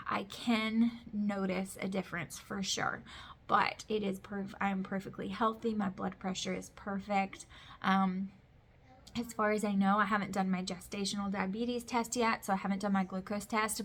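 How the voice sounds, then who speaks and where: A woman in her thirties talks straight to her viewers in a relaxed home vlog. Her talk is chatty and candid, with plenty of fillers and restarts, and her pitch sits in an ordinary middle range. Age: 30s. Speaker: vlogger. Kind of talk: casual pregnancy update vlog. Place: home with kids heard in the background.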